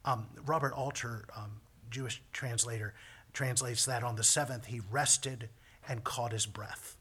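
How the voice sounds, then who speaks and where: A man explains scripture in an earnest, emphatic way. His voice is bright and forceful, with a husky, breathy edge. His hushed stretches sink to a near-whisper. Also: mid-range voice, fairly even intonation, measured pace. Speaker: Bible teacher. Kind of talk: Bible teaching with commentary.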